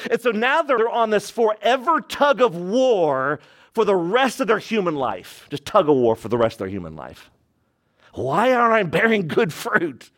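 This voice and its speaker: A man delivers a sermon in a notably high voice for a man. His preaching is emphatic, rising to stress key points and then dropping to a hushed tone. He keeps asking the congregation rhetorical questions. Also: big pitch swings, normal speed. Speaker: pastor.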